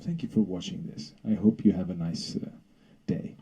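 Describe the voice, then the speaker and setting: Husky low-voiced comedian rambling deadpan, kinda mumbly dark tone. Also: male voice, moderate pace, lo-fi sound. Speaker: stand-up comedian. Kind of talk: rambling stand-up bit.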